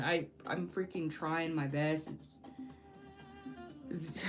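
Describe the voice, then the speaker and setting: A woman's voice: deep voice, expressive, drawn-out words, pauses often. A young woman talking casually while painting, frustrated and joking about herself, laughing often. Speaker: painting vlogger. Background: soft background music.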